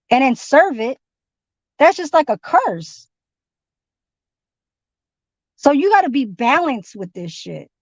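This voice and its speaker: A woman's voice: high-pitched, dry recording, highs cut off. A woman venting in a rambling, profane monologue, heated and repetitive.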